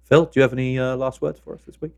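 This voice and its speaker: A man's voice: medium pitch, rapid-fire, vocal fry. A man co-hosting a film podcast, telling stories in loose casual chat full of fillers. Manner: animated storytelling, lots of fillers. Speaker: podcast co-host.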